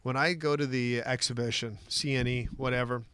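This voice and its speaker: A man's voice: mid-range voice, fairly even intonation, brisk, a bit bright, clean tone. A man appearing as a guest on a sports talk show, giving opinions in a casual, filler-laden way. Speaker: guest, comedian and former player.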